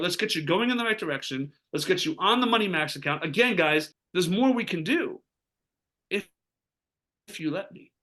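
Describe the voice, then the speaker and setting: A man talking as a financial advisor, getting fired up as he pitches a strategy, asking rhetorical questions and acting out what clients say. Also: pushed and bright. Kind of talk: energetic sales pitch talk.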